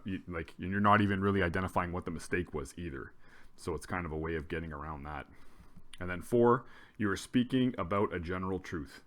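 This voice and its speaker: A male teacher explaining a grammar lesson in a relaxed way, often restarting his sentences. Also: low-pitched.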